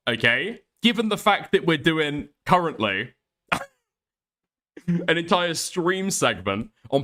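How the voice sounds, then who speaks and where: A man's voice: a little high, fairly bright tone. A man hosting a commentary stream, rambling and swearing with laughing asides. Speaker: streamer host.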